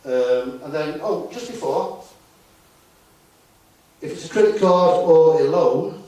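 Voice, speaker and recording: A man's voice: on the high side, lively intonation, slow pace, mellow. Male conference speaker, chatty and full of rhetorical questions, heard from far off in an echoey hall. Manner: conversational, asks the audience rhetorical questions. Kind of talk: live talk to an audience. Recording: echoey hall, distant mic, faint noise.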